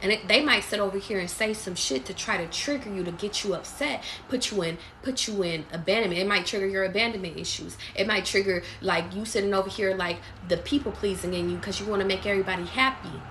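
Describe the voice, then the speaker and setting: A woman's voice: medium pitch, fairly quick, fairly bright tone, slight background noise. A woman reading tarot live for her viewers, blunt and profane, calling them baby. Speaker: tarot reader. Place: away from home.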